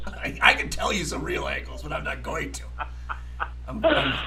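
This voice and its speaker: A man's voice: on the high side, expressive, normal speed, creaky, background noise. A man hosting a poker talk show, rambling and profane, arguing emphatically and laughing often. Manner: emphatic, argumentative. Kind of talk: casual chat.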